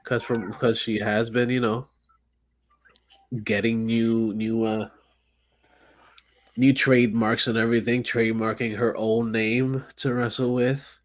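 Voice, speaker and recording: A man hosting a podcast in casual chat, excitable and profane, rambling with frequent restarts. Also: medium pitch, a little slow, long pauses. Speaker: podcast host.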